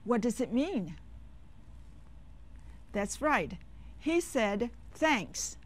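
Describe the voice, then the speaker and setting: A woman teaching beginner phrases in a clear, instructive scripted lesson. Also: a little high, big pitch swings, very slow. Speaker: language teacher.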